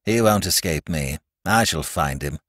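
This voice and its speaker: A man voicing a watchful detective in a low, quiet, determined way. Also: expressive, unhurried, no echo, clean studio sound, full character voice. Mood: grim. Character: grim, watchful male detective.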